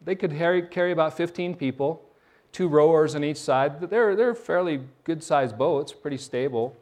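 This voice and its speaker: A middle-aged man preaching a sermon, his voice sitting a little high for a man. He tells stories with energy and often stumbles into restarts and repeated words as he goes. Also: moderate pace. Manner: animated storytelling with frequent restarts and repeated words. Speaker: pastor.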